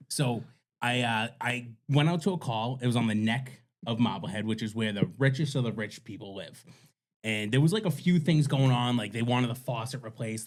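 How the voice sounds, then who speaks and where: A man, telling a story in a loose, crude way. He talks at a middle pitch and laughs often as he speaks. He sounds like a casual podcast co-host.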